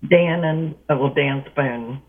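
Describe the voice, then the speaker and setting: A woman co-hosting a radio show, speaking in a slow halting way. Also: deep voice, narrow, tinny audio. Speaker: co-host. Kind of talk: casual radio talk.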